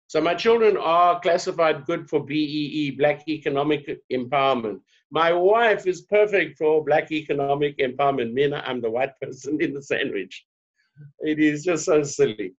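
A South African man in his forties, a guest on an interview, telling stories in an animated, earnest way with playful asides. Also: fairly high pitch, moderate pace, muffled recording. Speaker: guest, diversity specialist. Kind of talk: casual interview talk.

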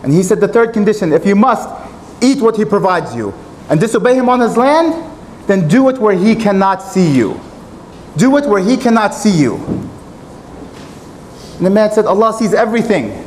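Male preacher, high-pitched, earnest sermon delivery with faint background noise. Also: animated, normal speed, long pauses, low-quality recording. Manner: earnest, retelling a story with quoted dialogue. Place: mosque.

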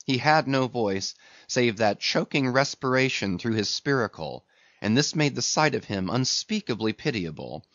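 Man narrating with animated expression. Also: medium pitch, normal speed, dry recording. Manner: dramatic, expressive reading. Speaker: audiobook narrator. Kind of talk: scripted narration. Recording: dull lo-fi recording.

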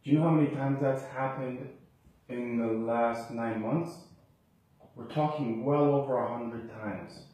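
A man's voice: mid-range voice, measured pace, a little mellow. A man from Canada, a patient talking to his doctor, agitated and rambling, often breaking off and restarting. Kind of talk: distressed complaint to a doctor. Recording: echoey room, far from the mic.

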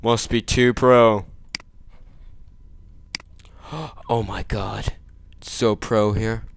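A man doing gameplay commentary, joking, making sarcastic asides and yelling at the game. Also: fairly low pitch, fairly even intonation, drawn-out words, vocal fry, no echo. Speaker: let's play gamer.

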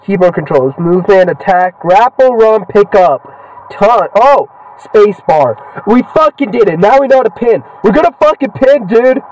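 A young man talks through a video game, loose and excitable, trading cheers for heckles. His voice sits high and leaps all over the place. He sounds a little away from the microphone. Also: normal speed, no echo, distant mic, lo-fi sound. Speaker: gaming channel host. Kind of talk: casual gameplay commentary.

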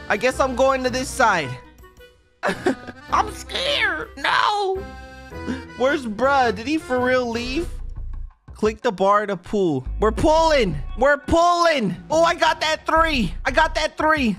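Brief: bright, slow-talking excitable gamer guy narrating play, light music behind. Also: very high-pitched. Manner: excitable, repeats himself, talks straight to viewers. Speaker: gaming YouTuber. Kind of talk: casual gaming commentary.

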